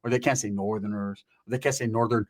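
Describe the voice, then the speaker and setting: A man's voice: on the low side, fairly even intonation, fast talker. A man telling a story in casual, profane street slang, constantly checking in with "right?".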